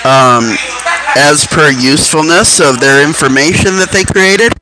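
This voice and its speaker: A man's voice: on the high side, a little slow, background noise. A man casually telling rambling stories and musing aloud, offhand and profane. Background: music.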